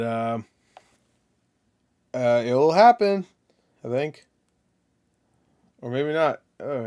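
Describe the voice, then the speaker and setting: Joking young man streaming live. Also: medium pitch. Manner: joking, crude, swings from mumbling to loud mock outbursts. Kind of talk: casual live-stream chat reading viewer comments.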